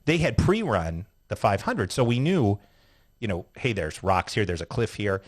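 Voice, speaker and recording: A man's voice: lowish voice, normal speed. A man, a retired sports car driver, telling a story as a guest in a casual interview, swearing freely and acting out what people said. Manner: profane, animated storyteller acting out quotes.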